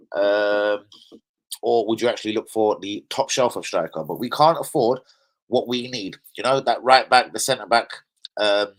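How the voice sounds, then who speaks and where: A man hosting a football fan stream, talking in an excitable, slangy, profane, rambling way. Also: mid-range voice, rough recording. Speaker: host of a football fan channel. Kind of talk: casual live-stream chat.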